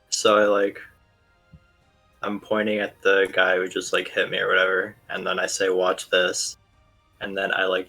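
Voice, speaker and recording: A man's voice: sits low, creaky, pushed and bright, slightly rough, rough recording. A man playing a tabletop game, talking loosely and chatting through his moves. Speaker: player. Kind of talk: casual tabletop game play.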